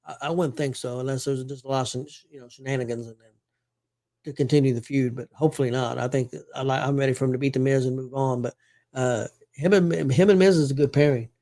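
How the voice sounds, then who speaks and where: A man's voice: medium pitch, fairly even intonation, fast talker, dark tone. A man hosting a casual sports talk show, rambling with fillers and self-corrections. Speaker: show host.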